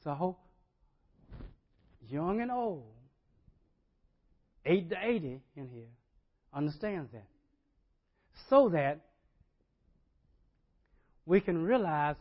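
A man's voice: a little high, very animated, takes it slowly, long pauses, highs cut off. A male pastor delivering a sermon conversationally, often checking in with the congregation.

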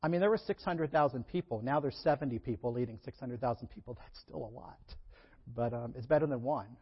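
A man's voice: medium pitch, fairly quick, husky, dull audio. A man preaching a sermon in a conversational way, acting out Bible characters and laughing between points. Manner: conversational, acts out Bible characters with lively shifts.

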